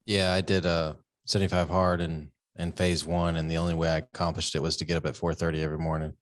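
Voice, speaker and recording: Deep-voiced Texan host. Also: male voice, little pitch movement, fast talker, dry recording, clean studio sound. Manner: friendly, loose, calls guest brother. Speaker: podcast host. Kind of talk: casual interview chat.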